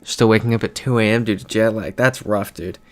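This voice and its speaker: A man's voice: on the low side, fairly even intonation, fairly quick. A young American man chatting casually on a live stream, reading out chat messages as he plays. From United States.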